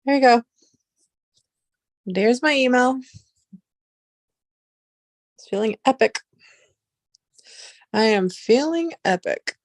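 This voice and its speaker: A young woman chatting casually on a livestream, rambling and excitable, swearing freely. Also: on the high side, slow, pauses often, dry recording, clean studio sound. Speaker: livestream host.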